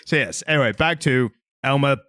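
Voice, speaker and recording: A man's voice: mid-range voice, fairly quick, bright, forceful tone, no echo, clean studio sound. A man co-hosting a podcast in casual chat, telling rambling stories full of fillers and tangents. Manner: rambling, tangent-prone storytelling with frequent fillers. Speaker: podcast co-host.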